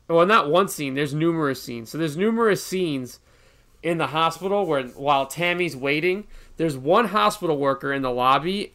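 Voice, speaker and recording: A man chatting casually as a podcast co-host, relaxed, saying "like" and "dude" a lot. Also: a little high. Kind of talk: casual chat.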